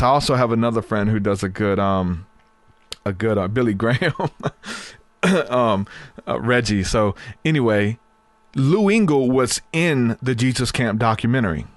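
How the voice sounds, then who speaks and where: A man's voice: lowish voice, normal speed, no room sound. Chatty male podcast host, dry sound. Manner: animated, chatty, laughs easily. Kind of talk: casual storytelling.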